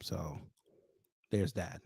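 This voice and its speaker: A man's voice: sits low, extremely slow, vocal fry, darkish tone, slightly rough, no echo, clean studio sound. A man hosting a casual commentary show, blunt and mocking in his asides.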